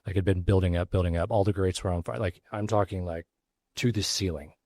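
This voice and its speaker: A man who runs a barbecue restaurant, telling a story as an interview guest, casual and halting with lots of fillers and restarts. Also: low voice, steady tone, a little mellow. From Texas. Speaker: pitmaster and restaurant owner, guest.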